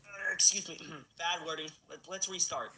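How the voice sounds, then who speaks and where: A man's voice: a little high, fairly even intonation, moderate pace, sharp tone. A man voicing an awkward, blundering male engine character in an amateur fan film, sheepish and self-correcting.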